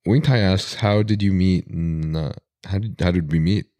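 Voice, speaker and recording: A man's voice: low voice, normal speed, mellow, no echo. A man hosting a podcast, easygoing in chat and reading out listener questions. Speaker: podcast host.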